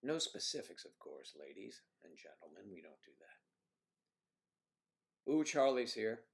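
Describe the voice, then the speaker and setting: A man's voice: on the low side, very animated, a little slow, gravelly. A man hosting a livestream, chatting casually and rambling as he reads out viewer comments. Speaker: livestream host.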